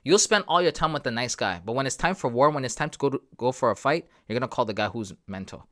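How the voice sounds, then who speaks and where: A man's voice: mid-range voice, lively intonation, fast, a bit bright. A man hosting a live trading stream, talking straight to his viewers in a casual, emphatic, repetitive way. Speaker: trading livestream host.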